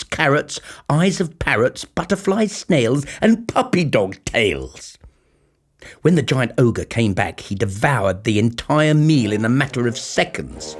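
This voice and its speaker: Animated male fairy-tale narrator. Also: medium pitch, breathy edge. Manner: animated, playful. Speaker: storybook narrator. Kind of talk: expressive storytelling narration.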